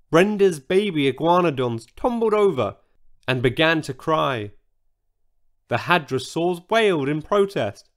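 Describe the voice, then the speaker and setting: Slow, animated male storyteller. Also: fairly high pitch. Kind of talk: scripted children's story narration.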